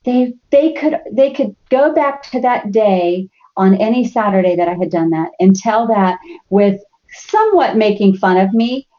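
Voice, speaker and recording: A middle-aged woman telling lively family stories as a podcast guest, acting out the voices of her family. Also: medium pitch, a little slow, few pauses, dull audio. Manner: animated storyteller, acts out family members' voices. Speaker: guest speaker. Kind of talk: storytelling in a podcast interview.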